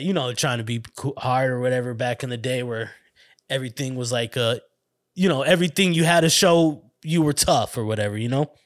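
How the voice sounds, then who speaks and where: A man's voice: on the high side, a bit bright. A man around forty hosting a podcast, telling a long, rambling childhood story in a casual, profane way, with restarts. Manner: rambling, profane, laid-back, restarts and laughs often. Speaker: podcast host.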